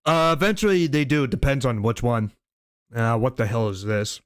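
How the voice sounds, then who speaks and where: A man's voice: mid-range voice, normal speed. A man streaming a video game, chatting casually in voice chat and grumbling about system updates. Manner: rambling, restarts, grumbles at updates. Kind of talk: casual chat while gaming.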